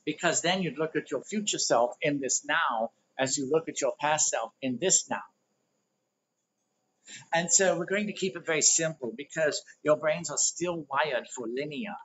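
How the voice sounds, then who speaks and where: A man's voice: a little high, fairly bright tone, a little hiss or hum. A man teaching a livestreamed spiritual workshop, rambling and conversational while he explains diagrams. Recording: dull lo-fi livestream audio.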